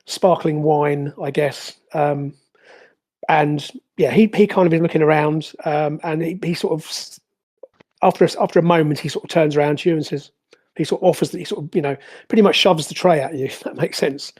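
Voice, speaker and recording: Game master running a tabletop session, lots of ums and restarts, soft mellow tone. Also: medium pitch, fairly even intonation, brisk. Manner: hesitant, many fillers and restarts.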